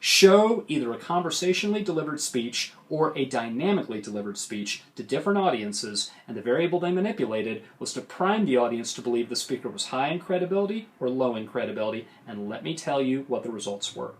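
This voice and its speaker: A middle-aged man teaching public speaking in a recorded lecture, animated and demonstrative, swinging his voice up and down to show range. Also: medium pitch, a little fast, few pauses. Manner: animated, demonstrates big vocal range and gestures.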